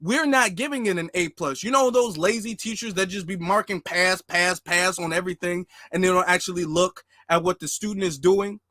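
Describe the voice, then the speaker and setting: Man, emphatic fiery monologue, high pitched, bright tense tone. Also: moderate pace, hardly any pauses. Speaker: political commentary host. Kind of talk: casual monologue commentary.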